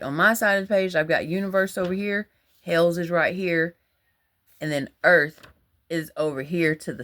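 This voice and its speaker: A woman, talking in a rambling, animated, colloquial monologue about religious ideas. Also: lowish voice. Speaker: religious vlogger. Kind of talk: casual monologue.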